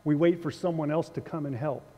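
A man's voice: a little high, a little fast, mellow, long reverb tail. Man preaching with dry sarcastic wit. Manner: conversational, dryly humorous, sarcastic wit. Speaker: pastor. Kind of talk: sermon. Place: church sanctuary.

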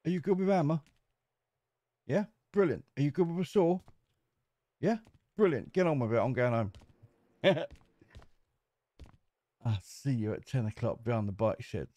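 A man's voice: medium pitch, moderate pace, long pauses, dark tone, no room sound. A man giving casual, cheeky commentary while playing a survival game. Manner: chatty, cheeky, jokes with game characters. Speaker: gameplay commentator. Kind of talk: casual let's-play commentary.

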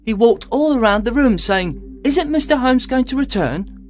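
A man's voice: very high-pitched, expressive, normal speed, voice pushed up. A man voicing a young page boy in a storybook reading, polite and eager in manner.

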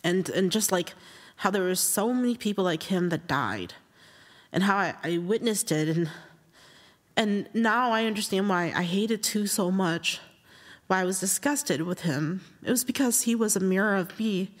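A woman telling a personal story in a reflective, halting, earnest way. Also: mid-range voice, lively intonation, long reverb tail. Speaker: interviewed writer.

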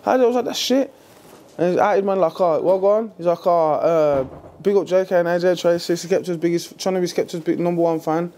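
Young rapper, high voice, animated backstage chat, light room noise. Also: male voice, fairly quick. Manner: slangy, animated, swearing freely. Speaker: rapper on tour.

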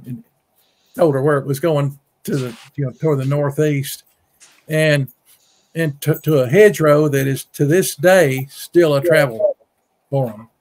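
A middle-aged man from Mississippi with a drawl tells a long story in a casual, rambling way. His voice sits a little high for a man, and he doubles back on his words. He jumps higher when he acts out other people's lines. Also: unhurried, darkish tone. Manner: folksy, repeats words, acts out quotes in a raised voice. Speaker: guest storyteller, Bigfoot researcher. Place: home on a rural farm.

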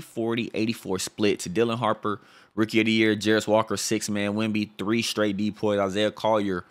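A young man giving casual, slangy commentary over a basketball sim game, reacting loudly to each result. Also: on the low side, steady tone, brisk. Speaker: gaming YouTuber.

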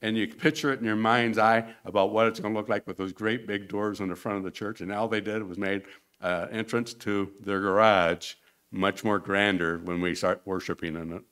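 A man's voice: lowish voice, fairly even intonation, normal speed, fairly bright tone, clear, resonant tone. A man giving a rambling, informal mission report to a church congregation, acting out the quotes in his stories. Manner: rambling storyteller, acts out quotes. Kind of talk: informal slideshow talk to a congregation. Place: church sanctuary.

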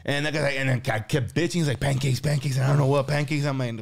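A man telling a profane, animated story on a podcast, laughing as he goes. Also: medium pitch, very fast, vocal fry. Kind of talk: casual storytelling chat. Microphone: studio microphone.

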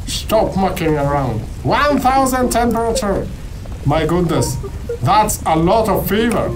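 A man's voice: high voice, animated, measured pace, distant mic, noisy background. A man playing a stern, dismissive dad. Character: stern, skeptical dad checking his son's fever. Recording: game music behind the voice.

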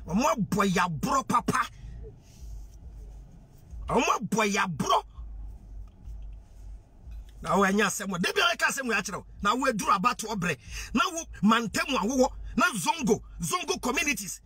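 Man, Ghanaian accent, very high voice, husky, preachy monologue, rhetorical questions, code-switching. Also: pushed and bright. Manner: mixes Twi, English and pidgin. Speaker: social media commentator. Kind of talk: impassioned direct-to-camera monologue.

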